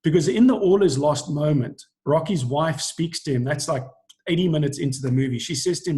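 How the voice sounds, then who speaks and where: A man's voice: on the high side, brisk, darkish tone. A middle-aged man coaching preachers on a video call, explaining earnestly and acting out lines he quotes.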